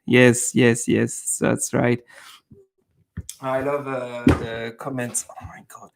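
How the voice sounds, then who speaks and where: Slow-talking man chatting on a live stream. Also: medium pitch. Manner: chatty, laughs often, many fillers. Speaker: YouTuber hosting a live stream. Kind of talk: casual live-stream chat reading comments.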